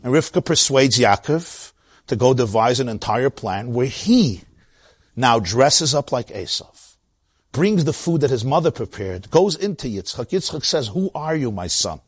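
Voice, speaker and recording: A man with a Brooklyn accent giving an animated Torah lecture, acting out the voices in the stories he tells. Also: mid-range voice, measured pace, husky, no room sound, studio quality. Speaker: teacher of Torah.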